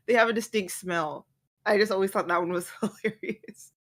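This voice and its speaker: A woman's voice: mid-range voice, moderate pace. A woman on a discussion panel, giggly and leaning on fillers. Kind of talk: casual panel chat.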